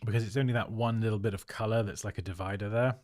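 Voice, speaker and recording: A man's voice: fairly low pitch, fairly even intonation, quick pace, a little mellow, no room sound. Chatty man reviewing designs. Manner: chatty and upbeat, often laughing. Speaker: host reviewing viewers' design work. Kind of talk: casual livestream commentary.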